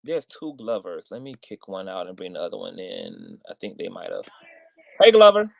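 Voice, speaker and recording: A man's voice: low-pitched, wildly swooping pitch, moderate pace, gravelly, no echo. A man hosting a casual livestream chat, talking expressively and reacting to a caller. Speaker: livestream host.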